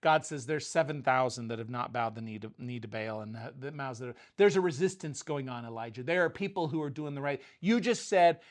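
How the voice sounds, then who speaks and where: A man's voice: mid-range voice, fairly quick, few pauses. A middle-aged man giving a casual, conversational sermon, retelling scripture loosely with frequent restarts. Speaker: preacher.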